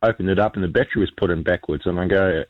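A man's voice: sits low, racing, no echo, phone-quality sound. A New man chatting casually as a radio guest, rambling with lots of ums and restarts.

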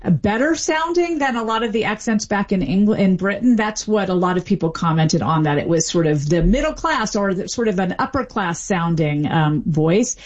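Woman, language expert, explanatory interview answers, measured with ums, slightly dull lo-fi audio. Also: medium pitch, animated. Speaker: linguist guest.

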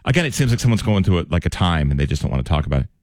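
Guy on morning radio, super expressive up-and-down voice, does little mock voices, dry studio sound. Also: low-pitched, very fast, dry recording. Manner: animated, acts out quoted phrases in mock voices. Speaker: radio morning show co-host. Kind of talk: casual on-air chat. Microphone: studio microphone.

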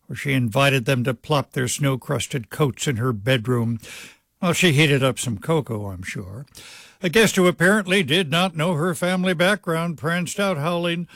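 A male radio host with a fairly high voice reads a scripted essay in a wry, fond storytelling manner. The sound is close and completely dry, as in a studio booth. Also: a bit bright, dry recording. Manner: wry, affectionate storytelling with acted quotes. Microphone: studio microphone.

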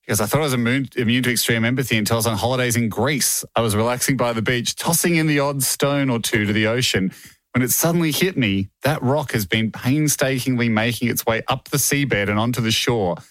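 A man's voice: brisk, a bit bright, no echo. Man, podcast co-host, joking and laughing a lot, reads letters aloud in a dry, close studio sound. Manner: jokey, laughs often, reads letters in a lower voice. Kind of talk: casual comedic chat, reading listener messages.

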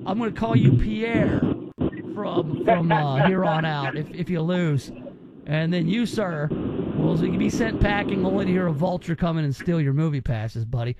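A man's voice: fairly high pitch, moderate pace, creaky, dull audio, over a noisy crowd. A man hosting a radio show, teasing callers in casual, rambling banter.

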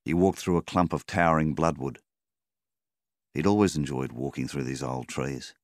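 A man narrating a novel in a measured, unhurried way. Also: extremely low pitch, dry recording, studio quality. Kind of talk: audiobook narration.

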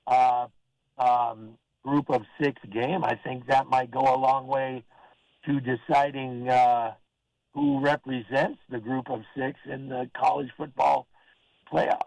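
An older man from Oregon calling into a sports talk show, rambling in a halting, friendly way with lots of fillers and restarts. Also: mid-range voice, level tone, gravelly, a little mellow, no room sound, rough recording. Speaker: caller. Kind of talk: casual call-in chat.

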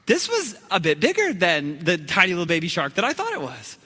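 Male preacher, high-pitched, animated storyteller, reverberant hall sound. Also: fairly quick, husky. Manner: animated, acts out shouts and quotes, laughs at himself. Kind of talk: storytelling sermon.

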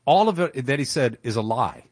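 A man's voice: medium pitch, expressive, moderate pace, no echo, clean studio sound. A man hosting a political talk radio show, speaking in an indignant, emphatic way with occasional chuckles.

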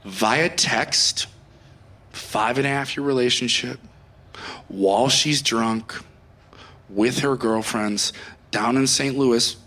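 A man's voice: mid-range voice, slow pace, pauses often, sharp tone. A man doing stand-up, telling a story in a profane, exasperated rant. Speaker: comedian. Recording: roomy echo.

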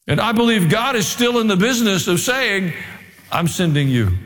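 A man's voice: expressive, fairly quick. Man preaching in a reverberant hall. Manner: preaching, growing more emphatic and raised in pitch; humorous asides. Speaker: pastor. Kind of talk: sermon.

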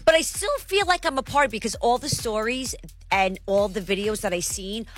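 A woman's voice: fairly high pitch, normal speed. A woman co-hosting a radio show, talking enthusiastically and gushing with praise. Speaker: radio show and podcast co-host. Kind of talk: casual radio chat.

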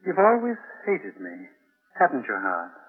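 Cold knife-wielding stepfather, husky, lively threat, old tinny radio. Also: fairly high pitch, normal speed, full character voice. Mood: menacing. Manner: calm, smooth, sinister. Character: cold, menacing middle-aged stepfather with a knife. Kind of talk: 1940s radio acting.

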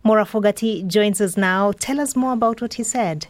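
A woman presenter reading scripted radio news headlines in a measured, formal way. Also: medium pitch, dry recording.

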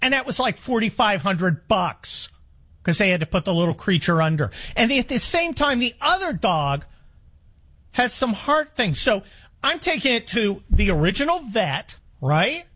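An older man in his sixties holds forth on talk radio with a lively, swinging pitch. His delivery is wry and rambling, full of quick restarts and exasperated asides. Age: 60s. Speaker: radio talk show host.

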